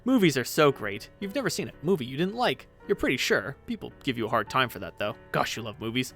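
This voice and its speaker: A man reading a webcomic aloud with playful, animated delivery. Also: mid-range voice, fast, faint music behind. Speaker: webcomic reader.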